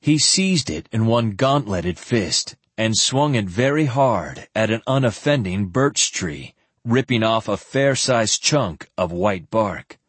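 A man narrating a fantasy audiobook in an expressive storytelling manner. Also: on the low side, slow, husky, no room sound. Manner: expressive storytelling with voiced characters.

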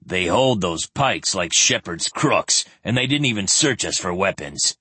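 A man voicing a gruff, contemptuous male servant-warrior who growls and mutters. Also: low-pitched, lively intonation, a little slow, pushed and bright, no echo, full character voice.

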